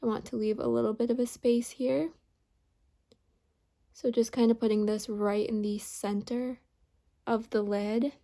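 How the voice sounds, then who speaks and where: A woman beauty vlogger narrating a makeup tutorial, calmly explaining each step. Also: on the high side, unhurried, long pauses.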